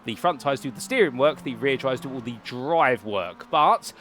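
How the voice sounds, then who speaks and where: A man's voice: medium pitch, expressive, normal speed, background noise. A British man in his thirties, commentating a sim racing qualifying session in a chatty, rambling way with polite turns of phrase. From United Kingdom. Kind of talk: solo race commentary.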